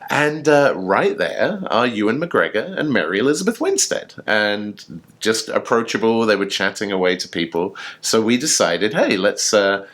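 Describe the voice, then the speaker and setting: A man with a very low voice chats casually as a show co-host. He tells his story with eager enthusiasm and plenty of fillers. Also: big pitch swings, moderate pace, a bit bright. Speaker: podcast co-host. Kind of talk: casual chat.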